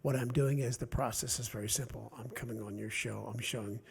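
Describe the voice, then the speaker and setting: A man with a Delaware Valley accent, an author chatting on a podcast in a rambling, animated way. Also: medium pitch, brisk, gravelly. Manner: rambling, animated, acts out quotes. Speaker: author guest. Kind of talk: casual podcast chat.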